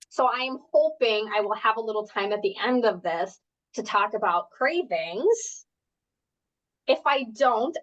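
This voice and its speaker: A woman's voice: mid-range voice, fairly bright tone. Chatty woman coach, dull lo-fi sound. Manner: chatty, rambling, many fillers and asides. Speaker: health coach leading a group workshop. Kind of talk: casual live workshop talk. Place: at home, indoors.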